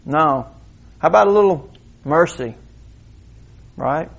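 A middle-aged man delivers a lively sermon. His voice sits a little higher than most men's, and he talks to the congregation like a conversation, firing questions at them and checking they follow. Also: takes it slowly, creaky, slightly rough, dull audio. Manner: conversational, animated preaching with direct questions to the congregation. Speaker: pastor.

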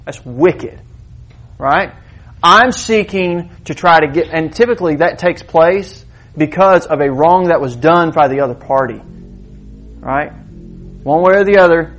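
A middle-aged man delivers a lively sermon. His voice sits a little higher than most men's, and he talks to the congregation like a conversation, firing questions at them and checking they follow. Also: measured pace. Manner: conversational, animated preaching with direct questions to the congregation. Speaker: pastor.

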